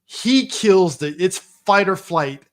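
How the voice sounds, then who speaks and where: Excitable man with a raised voice. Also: high voice, slow pace. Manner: excitable, swears freely. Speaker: podcast co-host. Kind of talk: casual chat.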